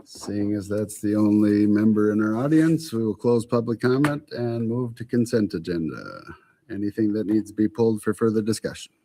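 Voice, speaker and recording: A man serving as acting mayor, briskly running a city council meeting through its procedures. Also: fairly low pitch, warm tone, slight background noise.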